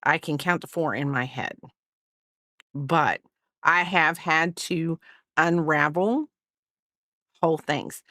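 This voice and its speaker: A woman's voice: low-pitched, slow pace, pauses often, fairly bright tone, no echo, clean studio sound. A woman hosting a crafting livestream, rambling and chatty, often apologizing for herself. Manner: rambling, chatty, self-deprecating. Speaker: livestream host. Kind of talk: casual livestream chat. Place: home, crafting while streaming.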